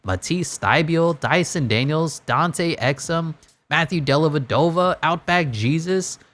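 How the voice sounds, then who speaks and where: A man's voice: a little high, measured pace, a bit bright. A man giving joking play-by-play commentary over a basketball video game, in a dry, mock-announcer manner. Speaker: gaming YouTuber.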